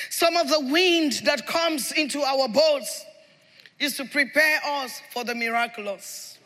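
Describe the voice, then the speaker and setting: A man preaching a sermon as pastor, shouting and repeating his refrains with passion. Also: very high voice, a little slow. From Nigeria. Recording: reverberant hall with congregation.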